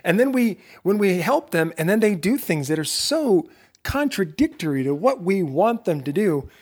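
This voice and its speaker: A middle-aged man hosting his own podcast, giving a lively motivational talk straight to his listeners, full of rhetorical questions and self-interruptions. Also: high-pitched, moderate pace. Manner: self-interrupting, laughs at himself. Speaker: podcast host.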